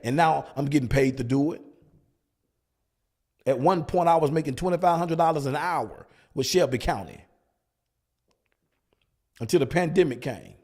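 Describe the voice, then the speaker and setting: A man's voice: on the high side, a little mellow. A male pastor preaching at a Bible study, hammering points with repeated rhetorical questions. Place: church.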